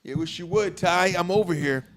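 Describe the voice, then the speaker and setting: A man's voice: high-pitched, moderate pace, crowd noise. A young man cohosting a podcast, telling a long profane story with laughter and acted-out quotes. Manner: animated, profane, laughs through his story; swings loud and soft acting out quotes. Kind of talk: casual storytelling chat.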